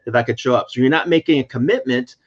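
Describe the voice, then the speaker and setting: A man's voice: mid-range voice, fast. A man hosting a casual chat, summarizing and clarifying points in a teacherly way. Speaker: host. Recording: slightly dull lo-fi audio.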